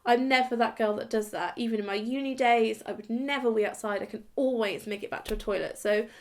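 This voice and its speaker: A woman's voice: a little high, steady tone, a little fast, darkish tone. Giggly chatty woman vlogger. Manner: giggly, chatty, self-mocking. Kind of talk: casual storytime chat to camera.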